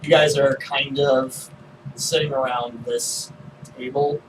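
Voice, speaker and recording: A man running a tabletop role-playing game, describing the scene in an unhurried, hesitant way with many fillers. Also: medium pitch, steady tone. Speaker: game master. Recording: distant mic with faint noise.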